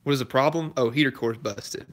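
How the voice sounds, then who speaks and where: Bright-voiced garage YouTuber chatting live. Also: male voice, medium pitch, brisk. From Southern United States. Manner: chatty, laid-back, chuckles between comments. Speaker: car restoration YouTuber. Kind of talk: casual live-stream chat reading viewer comments. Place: garage workshop.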